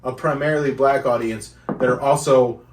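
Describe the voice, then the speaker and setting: A man's voice: mid-range voice, steady tone, slight background noise. Joking man, roomy and distant. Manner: joking, teasing, quick bursts of laughter. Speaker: podcast co-host. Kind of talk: casual comedic chat. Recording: roomy sound, mic at a distance.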